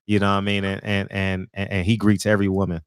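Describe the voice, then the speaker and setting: A man hosting a call-in show, laid-back, answering callers with quick affirmations. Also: low voice, monotone, smooth, dry recording, clean studio sound. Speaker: host.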